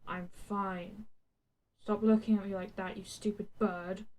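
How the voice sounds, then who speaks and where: A woman voicing a gruff, foul-mouthed young male fighter who snarls sarcastic insults. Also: high voice, level tone, a little slow, darkish tone. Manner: snarling, sarcastic, swears constantly.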